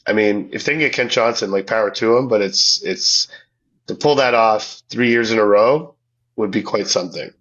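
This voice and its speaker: A man's voice: lowish voice, normal speed, fairly bright tone, highs cut off. A man co-hosting a casual sports podcast, talking through his thoughts with many restarts and easy laughs. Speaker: podcast co-host. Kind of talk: casual hockey podcast chat.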